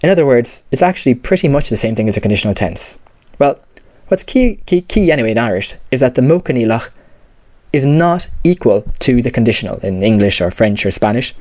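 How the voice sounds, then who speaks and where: A man's voice: fairly low pitch, darkish tone, dry recording. A man explaining grammar step by step in a patient lesson, often saying "you know" and "okay". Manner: patient, repeats key terms, many fillers like "you know" and "okay". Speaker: language teacher.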